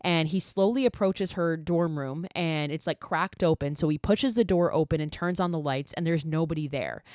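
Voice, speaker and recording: A woman with a lowish voice recaps a horror movie scene by scene for her podcast. She talks in a loose, chatty way, full of fillers and casual swearing. The recording is dry and close, with no room sound. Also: moderate pace, hardly any pauses, no echo. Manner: chatty and animated, lots of "like" and swearing. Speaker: podcast host.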